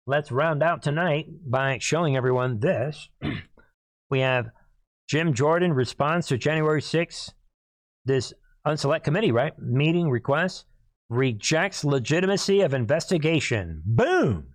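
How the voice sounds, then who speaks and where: Hoarse man in an emphatic commentary monologue. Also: fairly high pitch, lively intonation, unhurried, no echo. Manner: emphatic, repeatedly addresses listeners as "people". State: hoarse, clearing throat. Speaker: host.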